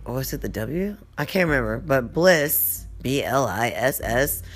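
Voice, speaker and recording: A woman's voice: very deep voice, expressive, measured pace, soft background music. Profane rambling woman vlogger. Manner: rambling, profane, easily sidetracked. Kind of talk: casual rant storytelling.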